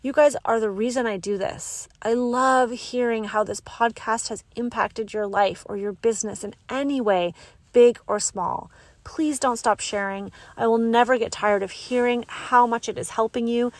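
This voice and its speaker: A woman hosting a podcast, talking alone to her listeners in a bubbly, excitable and emotional way. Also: fairly high pitch, normal speed, dry recording. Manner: bubbly and excitable, laughing and gushing. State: emotional, close to tears. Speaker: podcast host. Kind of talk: solo podcast sign-off.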